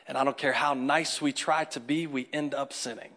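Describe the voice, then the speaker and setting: A man preaching a sermon as pastor, animated, shifting from hushed asides to loud, excited peaks and acting out quoted voices for comic effect. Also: mid-range voice, normal speed.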